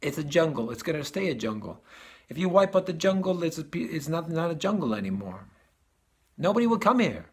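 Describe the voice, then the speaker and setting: Male spiritual teacher, casual talk, slightly high voice, repeats phrases, chuckles often. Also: very animated, a little fast, darkish tone. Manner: repeats and restarts phrases, chuckles at his own points.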